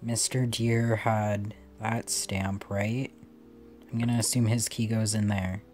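A man's voice: fairly low pitch, level tone, slow pace, a little mellow. A man giving playful let's play commentary on a puzzle game, swearing casually and chatting to the characters on screen. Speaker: gamer playing a puzzle game.

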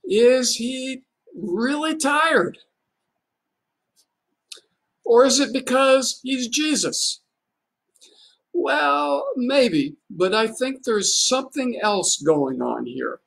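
A man's voice: very high voice, animated, drawn-out words, gravelly, pauses often, fairly bright tone. Man preaching with rhetorical questions. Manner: conversational and folksy. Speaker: pastor. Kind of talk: livestreamed sermon.

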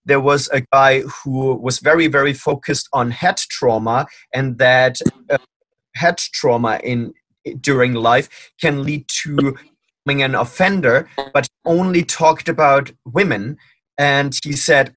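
A man's voice: mid-range voice, unhurried, fairly bright tone, dry recording, rough recording. Earnest man ranting in a dry recording. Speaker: panel guest. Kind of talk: casual panel discussion.

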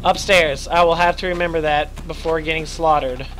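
A man doing casual let's play commentary, excitable, joking and swearing a lot. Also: fairly high pitch, normal speed, slight background noise. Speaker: gamer.

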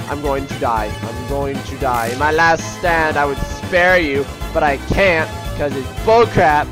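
A young man commentating on his own gameplay in an excitable, self-mocking way, muttering to himself between outbursts. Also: a little high, moderate pace. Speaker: let's play gamer. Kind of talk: let's play commentary. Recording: game music playing behind.

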